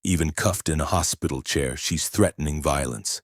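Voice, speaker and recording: Very deep male documentary narrator. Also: moderate pace. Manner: grave, judgmental.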